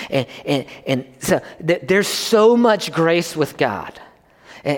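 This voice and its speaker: A man preaching a sermon as a pastor, talking conversationally and pushing his pitch up to stress his points. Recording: long reverb of a hall.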